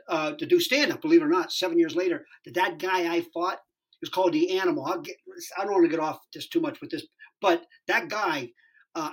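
A middle-aged man from Youngstown, Ohio, telling stories in an interview, profane, rambling and excitable. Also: a little high, husky. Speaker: actor being interviewed. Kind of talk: casual storytelling interview.

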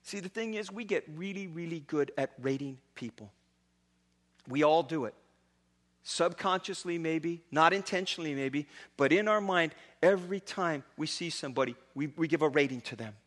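Bright high-voiced male pastor preaching. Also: normal speed. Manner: animated storytelling with casual asides. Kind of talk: sermon.

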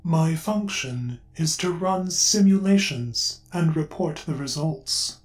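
Calm, formal storybook dragon, a woman doing the voice. Resonant, unhurried, set back from the mic. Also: low-pitched, pitched below the performer's own voice. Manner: measured, formal, calming. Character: calm, polite dragon that is a quantum computer. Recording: roomy echo, distant mic, faint music.

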